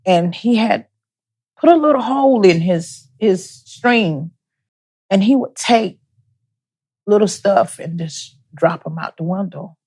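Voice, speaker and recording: A woman speaking as an interview guest, giving personal testimony as a bereaved mother, soft-spoken and halting, often repeating her words. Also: mid-range voice, lively intonation, husky.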